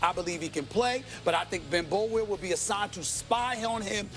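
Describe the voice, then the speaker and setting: A man's voice: high-pitched, moderate pace, soft background music. Emphatic New York man debating hotly. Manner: emphatic, repeats himself, preacherly. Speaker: sports debate host. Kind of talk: heated studio debate.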